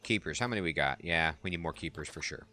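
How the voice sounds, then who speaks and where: A man's voice: very deep voice, fast talker, bright, forceful tone. A man casually commenting on a zoo-building game as he plays, chatty and amused, talking to the animals. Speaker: let's play host.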